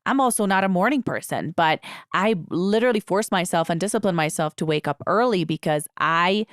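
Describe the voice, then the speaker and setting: A woman's voice: lowish voice, no echo, studio quality. A young adult woman hosting a podcast, giving a casual, emphatic motivational talk full of "like" and "freaking". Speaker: podcast host. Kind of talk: motivational monologue.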